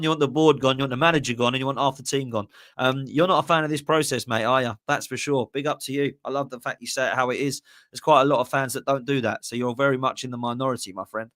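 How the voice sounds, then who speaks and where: A man's voice: medium pitch, fairly bright tone, no echo, clean studio sound. A man, hosting a live fan podcast and ranting passionately while reading out viewer messages. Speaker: podcast host. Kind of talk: live-stream fan rant, reading super chats.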